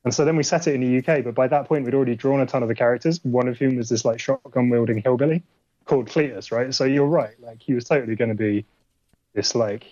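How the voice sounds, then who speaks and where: A man's voice: medium pitch, fast talker, mellow, dry recording. A man, an indie game developer guest, chatting casually on a podcast, rambling with lots of "like" fillers. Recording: dull dry lo-fi audio.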